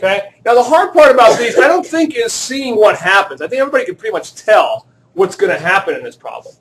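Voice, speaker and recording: High-voiced male chemistry teacher, joking. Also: sing-song, fast talker, a little hiss or hum. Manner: joking, self-deprecating, asks the class questions. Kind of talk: classroom lecture. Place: classroom.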